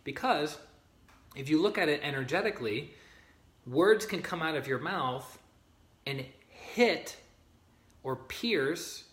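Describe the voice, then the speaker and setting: A man's voice: fairly high pitch, lively intonation, takes it slowly, long pauses, a bit bright. Man teaching in a roomy echo. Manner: conversational, greets viewers by name, checks in with "okay?" and "right?". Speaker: spiritual teacher leading a group. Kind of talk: informal livestream teaching, reading aloud from a book.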